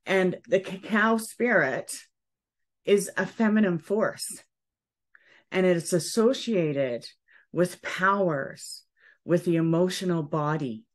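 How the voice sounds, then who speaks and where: Slow, low-voiced woman leading a ceremony. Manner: slow, gentle, soothing guidance with frequent "okay". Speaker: ceremony leader. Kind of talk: guiding a spiritual ceremony.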